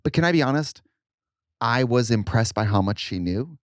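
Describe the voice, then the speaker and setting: A man's voice: medium pitch, expressive, moderate pace, no room sound, studio quality. A man co-hosting a podcast in casual chat, candid and joking as he acts out quotes from memories. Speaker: podcast co-host.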